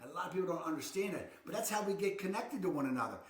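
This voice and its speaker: A man's voice: high voice, expressive, racing, echoey room. A man with a Baltimore accent talking enthusiastically and emphatically as a real estate vlogger, often repeating words for stress. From Baltimore area, Maryland. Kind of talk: casual vlog guide to relocating.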